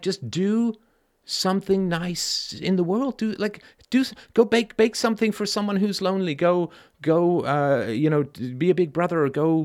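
Blunt, emphatic middle-aged man hosting a call-in show. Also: fairly high pitch. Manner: emphatic and blunt, swears, keeps asking "right?". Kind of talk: conversational call-in monologue.

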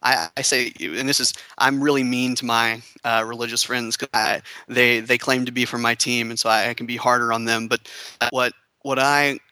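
A man's voice: medium pitch, level tone, normal speed, pushed and bright, smooth, dry recording, poor audio. A man calling in to a talk show, speaking hesitantly with stumbling restarts. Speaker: caller. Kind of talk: casual call-in conversation.

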